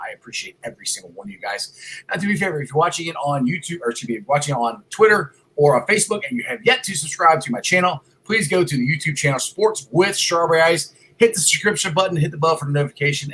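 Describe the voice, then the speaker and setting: A man hosting a casual sports talk show from a home computer, loud and excitable, rambling with restarts. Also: fairly high pitch, breathy edge, rough recording. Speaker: podcast host. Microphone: computer mic.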